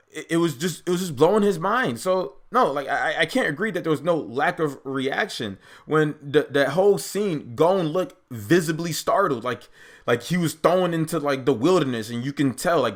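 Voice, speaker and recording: A man's voice: medium pitch, a bit bright. A young man giving casual, unscripted commentary as an anime reaction host, rambling and argumentative with lots of filler words.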